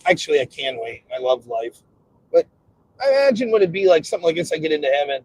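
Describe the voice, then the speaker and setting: A man's voice: a little high, big pitch swings, quick pace, darkish tone, low-quality recording. A man in his forties live streaming from his car, talking casually with sarcasm, frequent swearing and bursts of ranting. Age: 40s. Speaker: streamer host. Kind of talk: casual live stream talk while driving. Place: car on the road.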